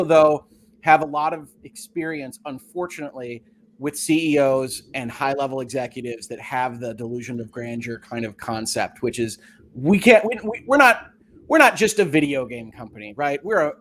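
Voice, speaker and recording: A man talking on a gaming podcast panel, lively and fond of acting out imagined dialogue. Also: fairly high pitch. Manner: animated, acts out quoted dialogue. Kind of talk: casual panel discussion.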